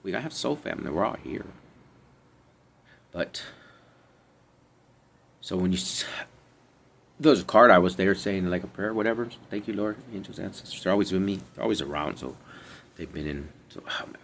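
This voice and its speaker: A man with a deep, gravelly voice rambles through a casual tarot reading, often trailing off, sighing, and dropping into near-whispers. His delivery wanders between sudden emphasis and quiet asides. A faint hiss sits under the recording. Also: expressive, moderate pace, pauses often. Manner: meandering, trails off, sighs often; drifts between loud and hushed. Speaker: spiritual reader.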